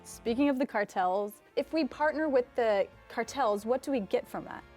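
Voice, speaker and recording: A fairly high-voiced woman puts upbeat questions to the developers. Faint music sits behind her voice. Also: normal speed, darkish tone. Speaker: interviewer asking developers questions. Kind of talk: promotional interview.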